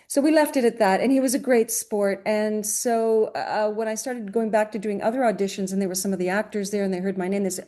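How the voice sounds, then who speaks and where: A woman's voice: mid-range voice, moderate pace, warm tone. A middle-aged woman from Greece, a voice actress telling stories in a casual interview, chatty with many restarts and fillers. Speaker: guest, voice actress.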